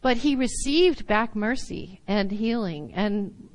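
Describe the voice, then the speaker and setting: A woman teaching a Bible lesson in sermon style, animated and laughing often, sometimes acting out little voices. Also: mid-range voice, slow pace, rough recording.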